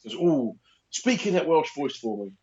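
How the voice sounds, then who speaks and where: Animated man telling stories. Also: mid-range voice, moderate pace. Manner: animated storyteller, acts out other people's lines. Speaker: podcast co-host. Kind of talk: casual chat. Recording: muffled lo-fi recording.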